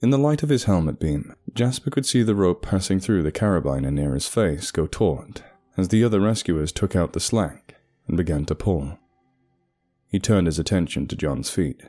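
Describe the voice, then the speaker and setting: Deep, mellow man narrating horror: measured and deliberate. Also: lively intonation.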